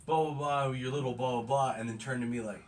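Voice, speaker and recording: A man's voice: mid-range voice, fairly even intonation, fast, echoey room. Joking man in laughing banter. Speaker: tattoo artist, show regular. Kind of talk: casual chat. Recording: distant mic with background crowd.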